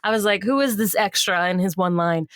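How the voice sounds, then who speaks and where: A woman's voice: medium pitch, a little fast, dry recording, studio quality. A woman co-hosting a podcast, a bit tipsy, recapping a movie in casual chat and acting out characters' lines with lots of laughter. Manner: lively retelling that acts out characters' lines, laughing often. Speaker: podcast co-host.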